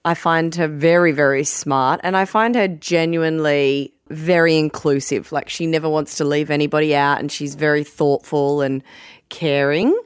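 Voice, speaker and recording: A woman's voice: sits low, steady tone, moderate pace, smooth, no echo, studio quality. A woman, co-hosting a casual podcast, candid and cheeky with frequent laughter. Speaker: podcast co-host. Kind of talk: casual chat.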